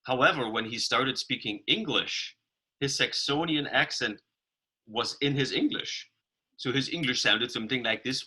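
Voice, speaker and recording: A man's voice: mid-range voice, normal speed, bright, forceful tone, breathy edge, poor audio. A man on a video call sharing reflections and a story in a casual online meeting, often restarting his sentences. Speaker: meeting participant.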